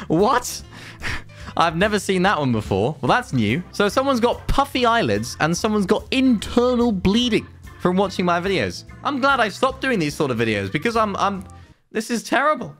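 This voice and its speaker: A man's voice: fairly high pitch, sing-song, moderate pace, fairly bright tone, soft background music. A young man doing a casual, jokey reaction video, reading viewer comments aloud and teasing them. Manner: jokey, reads comments aloud in mock voices.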